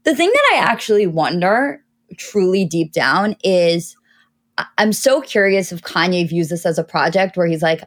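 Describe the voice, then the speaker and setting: Lower-pitched woman musing on pop culture. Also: moderate pace, a bit bright. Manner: thoughtful, talks through opinions at length. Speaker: podcast co-host. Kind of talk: casual chat.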